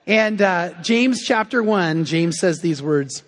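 A man's voice: sits high, lively intonation, slow pace, few pauses. A male pastor preaching a sermon, telling a story animatedly and acting out the characters' lines. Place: church sanctuary. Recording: long reverb of a church hall.

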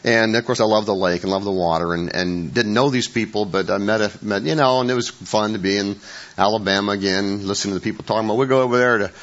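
An older male pastor with a lowish voice, telling stories from the pulpit in a loose, conversational way. He stumbles and restarts often and pokes fun at himself. The recording is dull and lo-fi. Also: steady tone, quick pace. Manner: rambling storytelling with many restarts and self-corrections; wry, self-mocking humor. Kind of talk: conversational sermon. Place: church.

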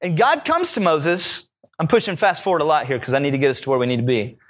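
A man with a high, light voice delivers a sermon in a loose, conversational way, dramatizing the story as he goes. The recording sounds a little muffled and dull. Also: animated, fast. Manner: conversational, dramatic retelling with acted quotes. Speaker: pastor.

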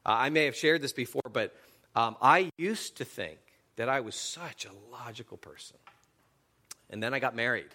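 A middle-aged man preaching a sermon, telling stories with animated swings between loud and hushed delivery. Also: mid-range voice, moderate pace. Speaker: pastor.

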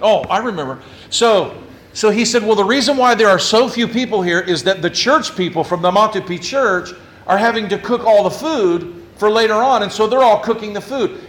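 A man who is a pastor telling a story in a lively, humorous way and acting out his own quotes. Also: sits high, a little hiss or hum. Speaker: Presbyterian pastor. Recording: echoey room with faint ambience.

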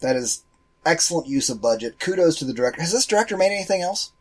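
A man co-hosting a casual movie commentary podcast, rambling and swearing as he tells animated stories. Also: on the high side, fast, slightly rough. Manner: profane, rambling, animated storytelling. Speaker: podcast co-host.

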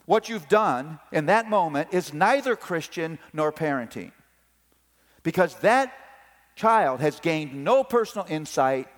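A man's voice: fairly high pitch, measured pace. A middle-aged man preaching a sermon on parenting, telling family stories and acting out the voices. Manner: animated storytelling, acts out family voices. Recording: long hall reverb.

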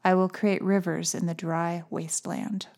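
A woman hosting a devotional podcast, speaking clearly and reading scripture at a measured pace with dry humor. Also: on the low side, little pitch movement, a little mellow. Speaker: podcast host. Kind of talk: casual chat and scripture reading.

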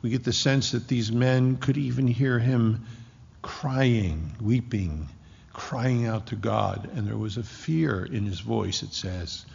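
Gravelly-voiced preacher man in echoing hall. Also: medium pitch, a little mellow. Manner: impassioned preaching with slow, drawn-out emphasis. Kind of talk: sermon. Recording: dull lo-fi with long hall reverb.

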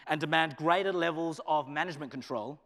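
An Australian man delivers a sermon in a chapel, his slightly high voice carrying a long reverb around the hall. He swings between loud, emphatic points and quiet, low asides. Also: a little fast. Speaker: pastor and business teacher.

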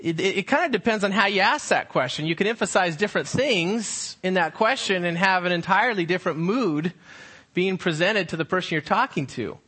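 High, bright-voiced youth pastor preaching. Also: male voice, lively intonation, slightly rough. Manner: emphatic, acts out different tones of a question; rhetorical questions with slow, drawn-out pauses. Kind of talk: sermon.

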